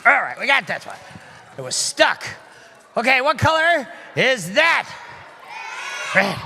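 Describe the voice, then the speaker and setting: A man doing comic magic-show patter for children, playful and teasing, calling loudly out to a live audience. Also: very high voice, very animated, measured pace, creaky, pauses often. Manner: playful, teasing, loud, calls out to the crowd. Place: synagogue sanctuary in front of a live audience.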